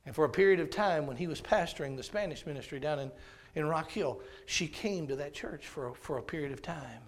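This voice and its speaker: A man preaching a sermon, telling a story dramatically and swinging from loud bursts to hushed tones. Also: a little high, expressive, brisk.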